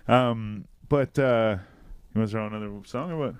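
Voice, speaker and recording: Laid-back man with a fairly low voice. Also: moderate pace, lo-fi sound, noisy background. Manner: laid-back, swears a lot, animated when telling stories. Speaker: podcast host. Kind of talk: casual chat.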